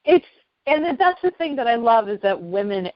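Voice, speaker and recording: A woman's voice: fairly high pitch, very animated, moderate pace, no room sound, dull audio. A woman hosting a podcast, asking questions and chatting in an eager, enthusiastic way. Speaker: podcast host. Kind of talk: casual interview.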